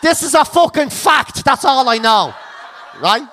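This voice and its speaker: A woman's voice: high voice, big pitch swings, measured pace, fairly bright tone, a little hiss or hum. An Irish woman co-hosting a podcast, telling a comic story full of swearing and laughing through her lines. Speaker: podcast co-host.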